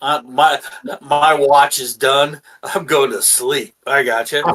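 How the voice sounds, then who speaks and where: A man running a tabletop game as game master, casual and halting with many fillers. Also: mid-range voice, fairly even intonation, fairly bright tone.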